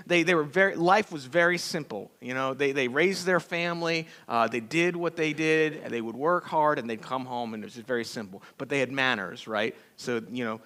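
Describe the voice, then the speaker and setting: A man preaching a sermon as pastor, telling stories in a folksy, animated way with acted-out quotes. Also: fairly high pitch. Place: church sanctuary.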